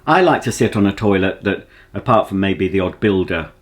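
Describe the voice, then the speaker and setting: A man's voice: sits low, lively intonation, normal speed. Rambling Yorkshire man chatting to camera. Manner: rambling, homely, full of ums. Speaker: vlogger. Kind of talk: casual chat to camera.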